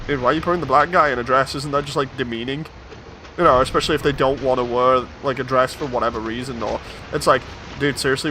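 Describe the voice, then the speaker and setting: A man's voice: mid-range voice, pushed and bright. A man streaming a game, talking casually and rambling through opinions with many restarts. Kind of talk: casual gaming stream chat.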